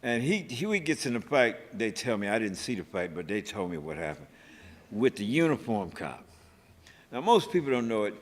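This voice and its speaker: An older man telling a story from his past, lively and chuckling, acting out shouts and voices. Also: lowish voice, normal speed. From United States. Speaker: activist recounting history. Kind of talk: animated storytelling talk. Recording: echoey hall.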